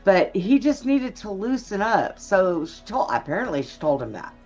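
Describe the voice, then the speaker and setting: A woman's voice: medium pitch, very animated, normal speed, darkish tone, dull audio, soft background music. A woman hosting a casual chat, blunt and gossipy, laughing often. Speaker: show host.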